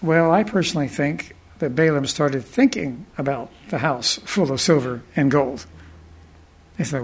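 Retelling a Bible story in a sermon, a man with a fairly high, slightly rough voice speaks deliberately and wanders into thoughtful asides.

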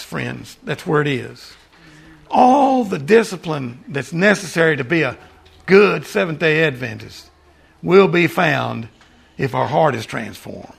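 An older man preaching a sermon and then praying, earnest, often calling the listeners "friends" and dropping into soft asides. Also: a little high. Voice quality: gravelly. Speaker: lay preacher. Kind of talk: sermon and prayer.

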